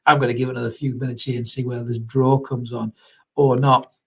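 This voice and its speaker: A man's voice: medium pitch, little pitch movement, fast talker, gravelly, fairly bright tone, slightly rough. A young man hosts a live football reaction stream, chatting casually, laughing often and reading out viewer comments. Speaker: fan channel host.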